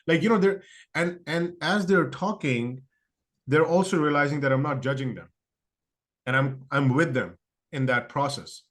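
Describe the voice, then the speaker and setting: A man's voice: on the high side, normal speed, a bit bright. A man speaking as a guest in an interview, thoughtful and conversational, often restarting sentences and acting out quoted excuses. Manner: thoughtful, lots of fillers and restarts; acts out other people's quoted excuses. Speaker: podcast guest.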